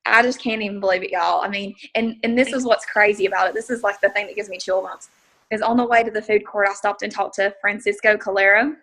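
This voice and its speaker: A woman excitedly telling a story on a group call, acting out her own inner dialogue. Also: mid-range voice, quick pace, poor audio. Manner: excited, storytelling with many quoted asides. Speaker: team member sharing a success story. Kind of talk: casual call testimony.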